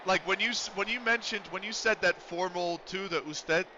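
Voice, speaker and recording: A man's voice: sits high, moderate pace, pushed and bright, lo-fi sound, slight background noise. A man chatting casually and at length while streaming a game, rambling with a loose, swearing manner. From United States.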